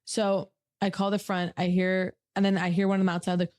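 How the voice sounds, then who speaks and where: A woman co-hosting a podcast, telling a story with lively acted-out quotes and frequent laughter. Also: lowish voice, brisk, no room sound. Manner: animated, acts out quotes, laughs often. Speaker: podcast co-host. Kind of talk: comedic storytelling chat.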